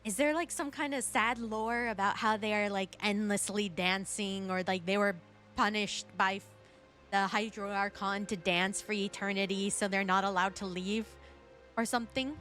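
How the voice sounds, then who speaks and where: A woman's voice: medium pitch, fairly even intonation, moderate pace, a bit bright, faint music behind. A woman streaming a video game as a VTuber, chatting casually with her viewers in a gushing, giggly way. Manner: gushing and giggly, talks to chat. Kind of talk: casual gaming stream chat.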